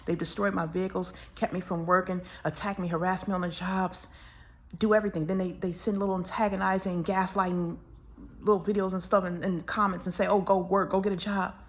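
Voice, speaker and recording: A woman's voice: lowish voice, little pitch movement, brisk. A woman talking to camera in a tired, aggrieved monologue, repeating herself as she goes on. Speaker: vlogger.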